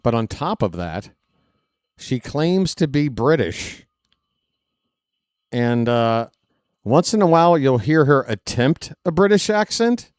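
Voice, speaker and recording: A man's voice: medium pitch, sing-song, slow pace, pauses often, a little mellow, smooth, dry recording, studio quality. A man hosting a live stream, talking to the chat in a sarcastic, mocking way. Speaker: host. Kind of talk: live stream commentary over a replayed clip.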